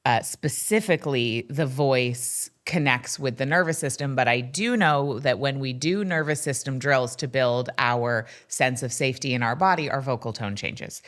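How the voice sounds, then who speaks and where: A woman's voice: a bass voice, moderate pace, few pauses, fairly bright tone. A woman hosting a podcast interview, reflective and thinking aloud as she talks. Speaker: podcast host.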